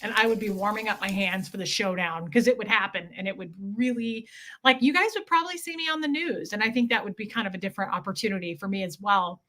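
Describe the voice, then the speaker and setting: A woman's voice: medium pitch, fast talker, bright, forceful tone. A woman hosting a casual livestream, telling stories in a chatty way and acting out the dialogue as she goes. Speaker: livestream host.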